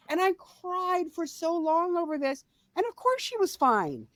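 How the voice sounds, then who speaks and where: A middle-aged woman co-hosting a podcast, telling a family story in casual chat, swinging between quiet and loud. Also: very high voice, very animated, measured pace, no echo. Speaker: podcast co-host.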